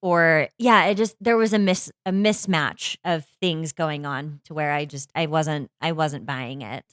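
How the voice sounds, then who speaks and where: Low-voiced woman chatting animatedly. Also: unhurried, clear, resonant tone, dry recording, clean studio sound. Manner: animated, frequent restarts, low voice. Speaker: podcast co-host. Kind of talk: casual chat.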